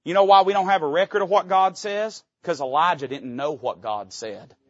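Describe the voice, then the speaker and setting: A man's voice: on the high side, normal speed, no room sound, lo-fi sound. A male pastor preaching from a church pulpit, emphatic and folksy. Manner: emphatic, folksy, quotes old scripture aloud. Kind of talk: sermon.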